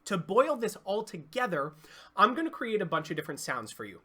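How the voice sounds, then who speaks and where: A singing coach giving an online vocal lesson, explaining clearly and demonstrating sounds. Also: medium pitch, very animated, brisk, pushed and bright.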